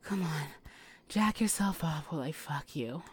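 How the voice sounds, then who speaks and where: A woman in a whispered role-play, teasing and giving commands between breathy whispers and sighs. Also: deep voice, animated, unhurried, darkish tone. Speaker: audio role-play performer.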